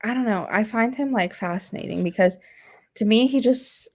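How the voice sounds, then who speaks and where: A woman's voice: fairly high pitch, normal speed, darkish tone. A woman hosting a casual stream chat, reading out viewer comments. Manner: chatty, reads out viewer comments. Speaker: stream host.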